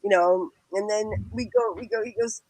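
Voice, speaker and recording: A woman, telling a lively story as a podcast guest and acting out the voices in it. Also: mid-range voice, moderate pace, low-quality recording. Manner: acts out quoted voices, laughs often. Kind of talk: animated anecdote telling.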